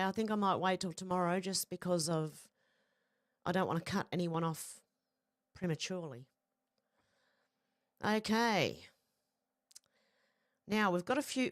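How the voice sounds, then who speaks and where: A woman's voice: medium pitch, no room sound, clean studio sound. An Australian woman hosting a casual livestream, chatty and greeting viewers by name. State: sore back. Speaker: livestream host.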